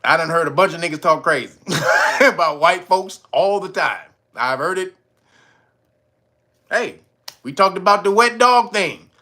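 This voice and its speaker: A man's voice: high voice, measured pace, long pauses. A man hosting a livestream, reacting to news in casual slang and laughing often. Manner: laughs a lot, slangy, animated. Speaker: livestream host.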